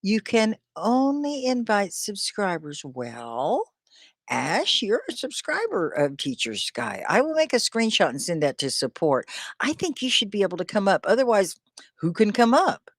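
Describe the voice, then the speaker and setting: A woman teaching English on a live stream, speaking slowly and clearly with encouragement, often laughing as she talks to viewers. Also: medium pitch, huge pitch swings, dry recording, studio quality. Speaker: ESL teacher.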